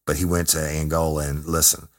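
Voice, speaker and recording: A man, a former correctional officer, telling a story in a profane, emphatic, animated way. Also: extremely low pitch, fairly quick. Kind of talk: casual storytelling.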